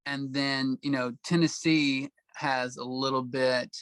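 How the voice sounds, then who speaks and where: Southern-accented man, halting interview guest. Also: medium pitch, flat delivery, a bit bright, clean tone, dry recording. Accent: Southern US, Arkansas. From Arkansas, US. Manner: halting, with many "um"s and restarts. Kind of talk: casual interview answers.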